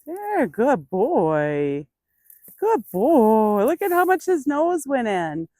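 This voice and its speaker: A woman trainer gives a hands-on demonstration outdoors. She explains each step to viewers and talks softly and patiently to the animal. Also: a little high, big pitch swings, takes it slowly, dry recording, clean studio sound. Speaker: burro trainer.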